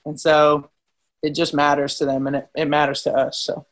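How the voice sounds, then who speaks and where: A man's voice: a little high, completely flat delivery, normal speed. An American man, a band member, talking earnestly and enthusiastically in a casual interview over a video call. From United States. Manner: earnest and enthusiastic, with frequent restarts. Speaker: musician, band member guest. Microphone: video call from home.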